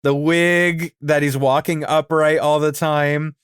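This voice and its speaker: A man's voice: on the high side, slow, clean tone, no echo. Laughing man chatting on a dry podcast mic. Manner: animated, laughs often, easily amused. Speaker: podcast co-host. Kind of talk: casual chat about cartoons.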